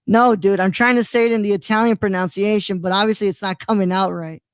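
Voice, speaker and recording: A man's voice: sits high, steady tone, fast talker, smooth, no echo. A man in his twenties from Mexico hosting a casual live show, rambling and stumbling over names with many fillers. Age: 20s. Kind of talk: casual live-stream chat.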